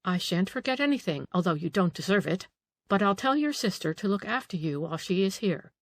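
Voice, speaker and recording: A woman reading the part of a proud, sharp, motherly Italian marchesa who scolds a young man. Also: medium pitch, animated, brisk, no echo. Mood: scolding.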